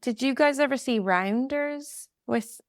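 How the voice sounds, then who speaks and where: A woman's voice: high-pitched, unhurried, dry recording, studio quality. A woman guesting on a casual film podcast, curious and asking questions.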